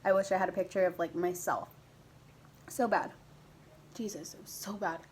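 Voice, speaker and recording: A young woman vlogger chatting casually as she tells a personal story, animated and a bit crude, now and then putting on a high squeaky voice for her younger self. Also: moderate pace, slight background noise, low-quality recording.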